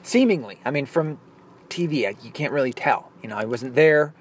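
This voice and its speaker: Profane, ranting man with a lively voice. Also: mid-range voice, normal speed, slightly rough. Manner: profane, blunt, opinionated. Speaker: podcast host. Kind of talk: casual ranting commentary.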